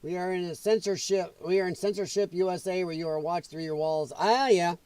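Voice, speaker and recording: Brisk and smooth, this man's voice sits high with fairly even intonation, and there's no room sound. He's a livestream host from the US Midwest, reacting loudly to viewer comments at home with a dog nearby, cursing freely and laughing a lot.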